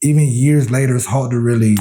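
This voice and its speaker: A man's voice: medium pitch, fairly even intonation, quick pace, warm tone. A man hosting a podcast, answering his guest in a supportive, reflective way with casual slang and frequent "bro.". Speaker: podcast host. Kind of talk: conversational podcast talk.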